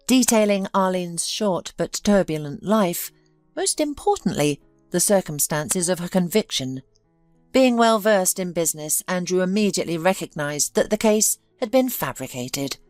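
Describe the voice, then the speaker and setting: A woman's voice: on the low side, darkish tone, dry recording. A woman telling a dramatic story in scripted narration.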